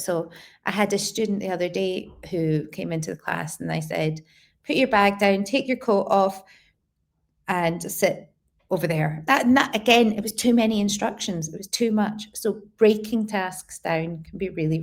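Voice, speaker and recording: A woman's voice: mid-range voice, darkish tone. A woman guest speaking as an educator in an interview, explaining practical points and often repeating words for emphasis. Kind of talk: conversational interview answers.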